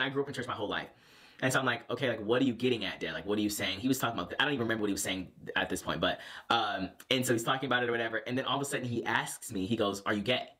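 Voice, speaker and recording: A man's voice: mid-range voice, pushed and bright. A young man vlogging, casually telling a personal story with lots of fillers and restarts.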